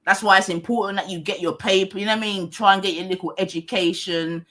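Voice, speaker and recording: A woman's voice: mid-range voice, steady tone, quick pace, fairly bright tone. A woman hosting a livestream, ranting combatively in heavy slang and swearing, repeating her points. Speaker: livestream host. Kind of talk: heated livestream rant.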